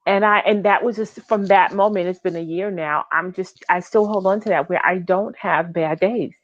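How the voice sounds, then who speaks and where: A woman co-hosting a casual wellness chat, telling stories with animated energy. She acts out her own quoted lines. Her remote audio is slightly dull and lo-fi. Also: medium pitch, moderate pace. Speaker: co-host.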